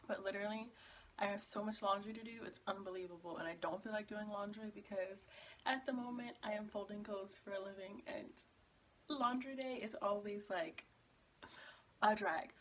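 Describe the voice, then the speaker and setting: A woman's voice: medium pitch, normal speed, fairly bright tone, slight background noise. A young woman vlogging casually, with a groggy morning voice, chatty and rambling with frequent laughs. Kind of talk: casual vlog chat.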